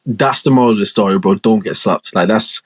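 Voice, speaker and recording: A young man co-hosting a podcast, chatting casually in animated, slang-heavy banter full of swearing. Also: on the low side, brisk, husky. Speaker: podcast co-host. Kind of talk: casual chat.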